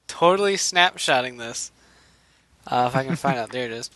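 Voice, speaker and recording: Man, casual comedic recap, rambling, profane, bright, dry sound. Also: medium pitch, expressive, moderate pace, dry recording, low-quality recording. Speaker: show recap host.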